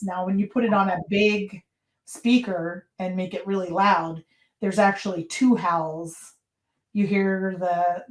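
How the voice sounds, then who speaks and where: Lively woman storyteller in an echoey room. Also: on the low side. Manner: lively storyteller who acts out quotes and laughs often. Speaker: podcast guest. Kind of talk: casual interview storytelling.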